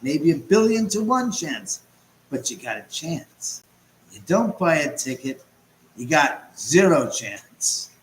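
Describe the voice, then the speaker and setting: A man hosting a live stream from his home, chatting and rambling as he answers viewers' comments out loud. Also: fairly high pitch, very animated, slow pace. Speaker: host. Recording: roomy echo, faint background noise.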